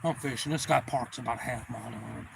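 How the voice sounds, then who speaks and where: A man's voice: medium pitch, rapid-fire, creaky, slight background noise. A man, telling a profane fishing story on his livestream. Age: 40s. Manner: profane, animated yarn-spinning. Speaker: livestream host.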